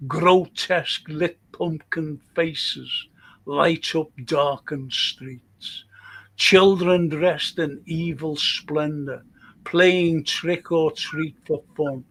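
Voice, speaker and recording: Older man slowly reading his own spooky poem. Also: on the high side, fairly bright tone. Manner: slow, deliberate dramatic reading with a swearing, fumbling chat between. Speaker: amateur poet on a live stream. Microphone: computer mic on a live stream.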